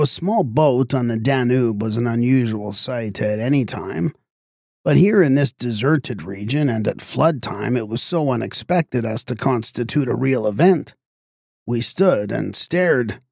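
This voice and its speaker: A man narrating a literary story in a measured, expressive storytelling manner. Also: mid-range voice, vocal fry, no room sound, clean studio sound.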